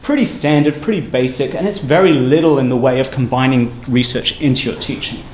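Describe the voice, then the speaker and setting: Man, academic seminar speaker, quick and emphatic, roomy lecture hall with faint hum. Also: medium pitch, darkish tone. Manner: brisk, emphatic, conversational lecturing. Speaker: university lecturer giving a seminar. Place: lecture room. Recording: echoey room with faint ambient noise.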